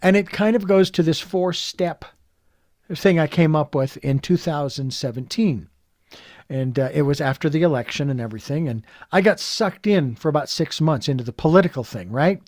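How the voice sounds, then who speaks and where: A man hosting an interview, retelling a personal story in an animated, reflective way with many fillers. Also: on the high side, moderate pace, dry recording, studio quality. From California. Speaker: podcast host.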